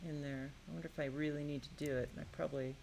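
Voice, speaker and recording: A woman's voice: sits low, steady tone, racing, gravelly, darkish tone, slight background noise. A woman making and playtesting her own game, musing aloud to herself in a curious, tinkering way. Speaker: game maker. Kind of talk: casual think-aloud while building and playtesting a game.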